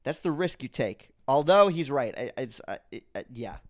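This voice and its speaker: Speaking at normal speed and medium pitch, this young man runs his own podcast. His rant is comedic and rambling, full of self-interruptions, and it rises into animated exasperation.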